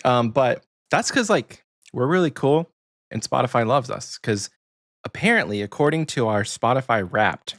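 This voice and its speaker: A man's voice: medium pitch, expressive, normal speed, a bit bright. An American man co-hosting a podcast, chatting casually and rambling with frequent ums. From United States. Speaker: podcast co-host.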